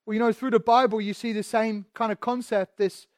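A man preaching a sermon, repeating phrases and asking rhetorical questions, sometimes dropping to a hush and sometimes building loud. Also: sits high, fairly even intonation, brisk, no room sound.

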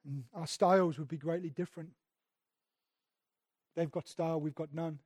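A man's voice: fairly high pitch, steady tone, moderate pace, a little mellow, dry recording, clean studio sound. A man, a pastor, preaching a sermon conversationally and emphatically, often repeating words as he goes.

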